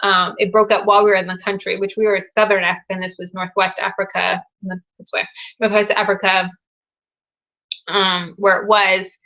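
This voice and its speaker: A bright, forceful young woman talks straight into a webcam, gushing and upbeat as she hosts a live Q&A. The sound is dull and lo-fi. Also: medium pitch, little pitch movement, moderate pace. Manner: upbeat, gushing over viewer news. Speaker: live Q&A host. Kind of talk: casual live-stream chat.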